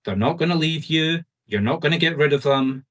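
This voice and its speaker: A man with a Scottish accent working as a medium, giving fast, insistent, reassuring readings to a group over a video call. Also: fairly high pitch. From Scotland.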